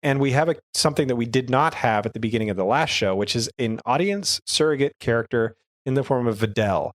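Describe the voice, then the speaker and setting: A man co-hosting a casual podcast, analyzing episodes in a relaxed, thoughtful way. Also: medium pitch, fast talker, no echo. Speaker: podcast co-host.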